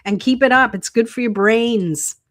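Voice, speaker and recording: A woman's voice: a little high, moderate pace, a bit bright. A middle-aged woman hosting a tarot live stream, chatting casually, laughing often and reading viewer comments aloud.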